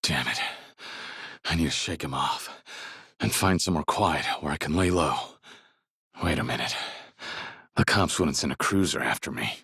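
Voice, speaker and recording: An actor playing a stoic, kind middle-aged ex-yakuza in a video game, speaking plainly and steadily. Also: male voice, moderate pace, vocal fry, long pauses, slightly rough, dry recording, clean studio sound, heavily acted. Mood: tense. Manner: plainspoken, steady, low-key.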